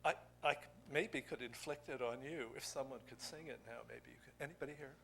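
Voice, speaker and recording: An older man giving a poetry craft lecture to an audience, musing and digressive, thinking aloud with pauses. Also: medium pitch, vocal fry, bright, forceful tone, a little hiss or hum.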